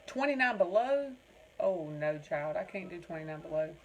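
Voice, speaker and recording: A woman's voice: low-pitched, steady tone, a little fast, a little mellow, a little hiss or hum, rough recording. Chatty Southern woman on a craft livestream. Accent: Southern American. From North Carolina. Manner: chatty, folksy, talks straight to viewers. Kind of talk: casual livestream chat reading viewer comments.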